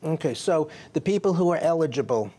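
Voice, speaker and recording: Mellow-voiced man hosting a health talk. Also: on the high side, lively intonation, a little fast. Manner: leading questions, summarizing. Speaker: physician host. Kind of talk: medical interview.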